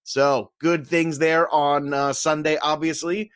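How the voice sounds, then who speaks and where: A man co-hosting a casual sports podcast, joking and animated, laughing often as he runs through results. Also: a little high, takes it slowly, clean tone, no room sound, studio quality. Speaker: podcast co-host.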